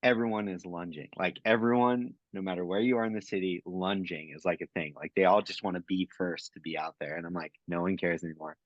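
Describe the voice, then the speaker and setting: Very low-voiced man, rambling chef. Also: brisk, few pauses, no room sound, muffled recording. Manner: rambling, laughs loudly, swears. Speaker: chef, podcast guest. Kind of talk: casual chat.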